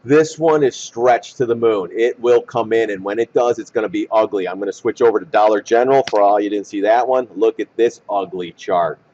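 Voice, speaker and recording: A man walking through stock charts in blunt trader slang, hoarse and losing his voice. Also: lowish voice, brisk, few pauses, dark tone. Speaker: stock market commentator. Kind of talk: chart analysis talk. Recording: dull lo-fi recording.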